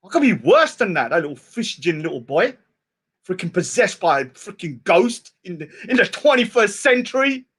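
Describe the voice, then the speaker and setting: A man speaks at a moderate pace in a high, sing-song voice that is a bit bright with a breathy edge. He's a street preacher and debater taunting a rival outdoors at a public speaking spot, insulting and mocking him. At times he puts on a whiny voice to mimic his target.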